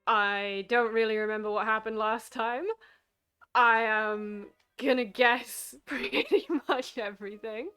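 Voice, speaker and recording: Playful woman streamer chatting over a game, higher voice, faint music. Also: pushed and bright, clean tone. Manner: giggly, playful. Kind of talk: casual game commentary. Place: living room.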